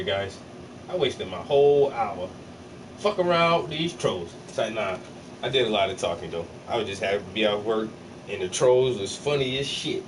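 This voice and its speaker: Lively, teasing man on a livestream. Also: medium pitch. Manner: joking, profane, teasing. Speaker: livestreaming painter. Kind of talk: casual livestream banter with chat. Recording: slightly distant mic, faint air-conditioner hum.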